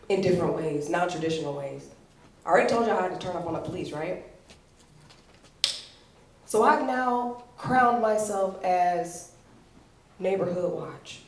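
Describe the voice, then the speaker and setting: A woman doing a stand-up comedy set at a comedy show, telling stories in a brash, profane, animated way. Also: lowish voice, a little hiss or hum. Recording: roomy venue sound, mic at a distance.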